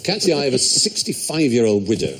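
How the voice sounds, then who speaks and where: Lively wry quiz show host. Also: male voice, mid-range voice, a little fast, over a noisy crowd. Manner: storytelling, wry and playful. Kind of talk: hosting a comedy panel quiz. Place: TV studio with audience.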